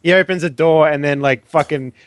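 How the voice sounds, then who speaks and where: A young man playing a tabletop game, goofy and excitable. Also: a little high, a little fast. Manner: goofy, excitable, laughing often. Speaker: player.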